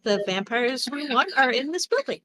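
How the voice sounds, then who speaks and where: A man voicing a brisk, confident female hunter who leads a team, smug and cheery. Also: very high voice, sing-song, pushed and bright, slight background noise, voice pushed up, full character voice.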